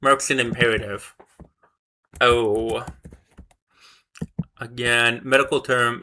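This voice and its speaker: A man's voice: mid-range voice, a little slow, pushed and bright, a little hiss or hum. A man thinking aloud as he studies flashcards, muttering, correcting himself and repeating words over and over to memorize them. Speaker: vlogger learning a language. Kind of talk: casual thinking aloud while studying flashcards.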